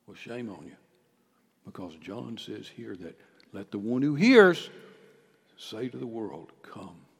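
A male pastor preaching a sermon, swinging from quiet, close talk to loud shouted calls. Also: fairly low pitch, big pitch swings, a little slow, gravelly. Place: church sanctuary. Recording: church hall with long reverb.

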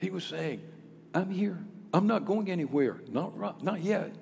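A man preaching a sermon, with dramatic swings from hushed to loud. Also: sits high, lively intonation, a little slow, vocal fry, a little hiss or hum. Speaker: pastor. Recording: long reverb of a large hall.

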